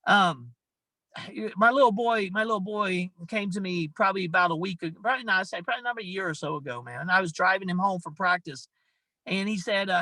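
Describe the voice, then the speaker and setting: A man's voice: sits high, fairly quick, sharp tone, no echo, poor audio. A man giving a motivational talk on a video call, emphatic and repetitive, tossing in "man" often. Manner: emphatic, repeats himself, says "man" a lot. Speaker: guest speaker on a company video call.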